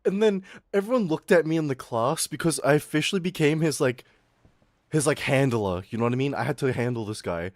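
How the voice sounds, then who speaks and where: A man's voice: on the high side, fairly quick, dry recording, studio quality. Rambling, profane young male streamer. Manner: rambling, profane, acts out the people he quotes. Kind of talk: casual storytelling rant.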